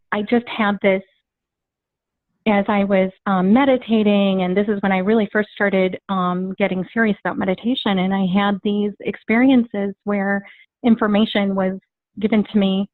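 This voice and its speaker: A woman's voice: medium pitch, no echo. A woman guest telling a personal story in casual chat, rambling and acting out the dialogue she quotes. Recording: tinny phone-like dry sound.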